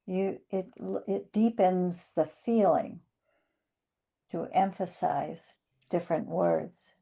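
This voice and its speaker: A woman in a class over a video call, patiently giving a fellow participant gentle advice. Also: fairly low pitch, slow, creaky, slightly rough.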